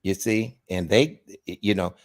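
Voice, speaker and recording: A man's voice: low voice, measured pace. A man co-hosting a casual chat, talking with a loose, repetitive flow. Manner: conversational, repeats words as he goes. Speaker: co-host.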